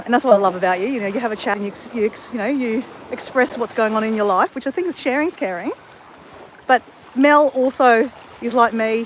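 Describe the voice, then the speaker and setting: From outdoors on a beach, an Australian livestream vlogger chats with her viewers in a rambling way, often correcting herself. She speaks at a fairly high pitch, with a little hiss or hum in the recording.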